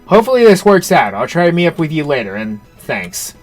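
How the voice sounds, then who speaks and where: A man's voice: on the high side, very animated, fairly quick, soft background music. A man voicing a worried, self-blaming young trainer friend, reading game dialogue in an anxious, pleading way.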